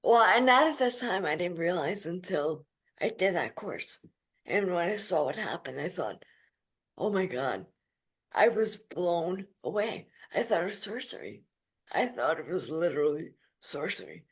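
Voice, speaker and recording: A woman in her forties, a podcast guest, telling her story in a lively, emphatic way. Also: on the low side, moderate pace, breathy edge. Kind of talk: casual interview storytelling.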